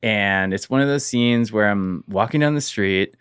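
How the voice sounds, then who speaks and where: A man's voice: fairly low pitch, moderate pace, clear, resonant tone, no echo, clean studio sound. A man, a guest in an interview, telling a personal story casually and leaning on "like" as he goes. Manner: casual, fills with "like", trails off quietly.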